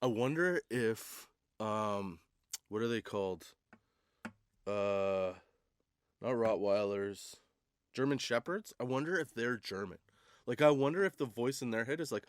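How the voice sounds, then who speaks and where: A man's voice: mid-range voice, moderate pace, no room sound, studio quality. A man hosting a comedy podcast, rambling through a casual monologue with laughs and restarts. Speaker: podcast host.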